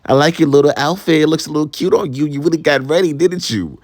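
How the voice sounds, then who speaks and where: A man's voice: fairly high pitch, fast talker, darkish tone, dry recording, clean studio sound, close to an everyday voice. A man voicing a sassy, overly friendly big college guy who flirts. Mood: flirty, sassy.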